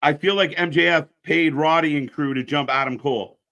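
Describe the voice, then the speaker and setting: A man hosts a casual live wrestling stream in a bright, forceful voice that sits a little high. He rants bluntly and swears freely. Between rants he plugs the channel's upcoming shows. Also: brisk, vocal fry, lo-fi sound. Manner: pitches channel shows to viewers.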